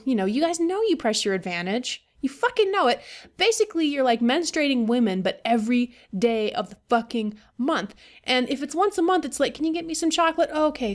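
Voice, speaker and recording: Profane woman venting on a podcast. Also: on the high side. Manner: profane, venting, animated with laughs. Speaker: podcast host. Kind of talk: casual monologue.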